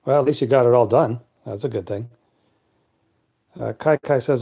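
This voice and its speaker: A man hosting a late-night live stream, chatting casually and answering viewers' comments in a deep, clear voice. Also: normal speed, long pauses, dark tone.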